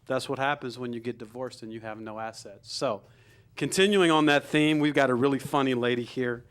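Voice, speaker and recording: A man's voice: medium pitch, fairly even intonation, fairly quick, a bit bright, clean tone. Self-mocking forty-year-old man emceeing. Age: 40s. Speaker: comedy show host. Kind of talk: stand-up and emcee patter.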